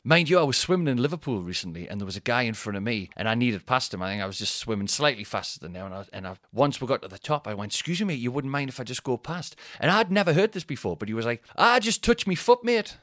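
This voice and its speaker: A man's voice: mid-range voice, fairly bright tone, dry recording, studio quality. A man in his thirties with a Geordie accent, telling rambling self-deprecating stories on a comedy podcast. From Newcastle, England. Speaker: podcast host and stand-up comedian. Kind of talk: casual comedic monologue.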